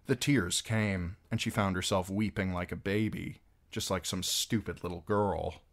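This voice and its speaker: A man's voice: sits low, steady tone, unhurried, gravelly. A man narrating a fantasy novel chapter as an amateur audiobook reader, reading expressively.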